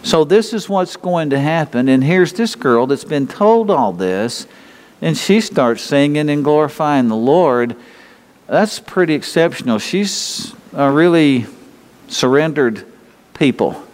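A man's voice: mid-range voice, animated, measured pace, in a large hall. An older man preaching a sermon as pastor, folksy and rambling, often restarting his sentences.

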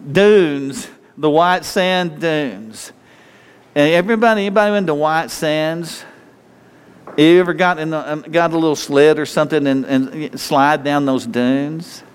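Us preacher guy, rambly, keeps restarting, slightly high voice, big echoey hall. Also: clear, resonant tone. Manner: rambling, repetitive, with frequent restarts. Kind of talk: informal sermon. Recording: long hall reverb.

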